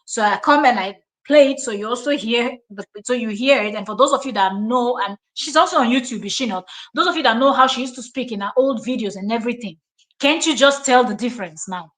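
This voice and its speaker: A woman's voice: a little high, brisk, a bit bright. A woman with a Nigerian accent hosting a live stream, reacting to clips in an emphatic, scolding, repetitive way.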